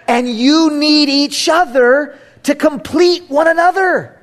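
A man's voice: extremely high pitch, slow pace, fairly bright tone. A middle-aged male pastor preaching a sermon, emphatic, repeating key phrases with playful asides.

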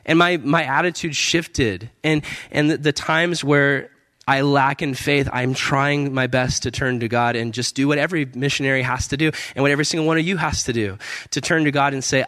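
A man's voice: mid-range voice, steady tone, moderate pace, a bit bright, dry recording. A young man, a missionary, giving an earnest personal testimony at a church service, casual with many fillers and restarts and frequent laughs. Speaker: missionary speaker.

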